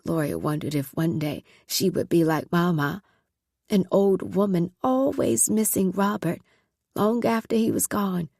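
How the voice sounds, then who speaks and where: A woman narrating a story in a measured, scripted audiobook reading. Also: fairly low pitch, vocal fry, dark tone, no echo, clean studio sound.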